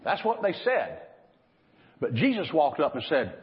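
A man preaching a sermon, swinging between loud, emphatic lines and hushed, drawn-out ones. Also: fairly high pitch, wildly swooping pitch. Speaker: pastor. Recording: lo-fi recording in a reverberant hall.

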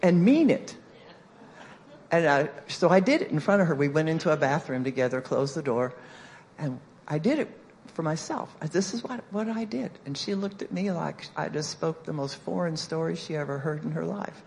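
Animated woman telling a sermon story. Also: low-pitched, normal speed, vocal fry, a little hiss or hum. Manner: animated, playful storytelling with acted-out quotes. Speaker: church speaker.

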